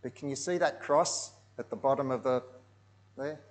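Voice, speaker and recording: A man with a mid-range voice tells a story at a moderate pace as part of a sermon set over pictures. He sinks into hushed tones, then swells to loud, dramatic delivery.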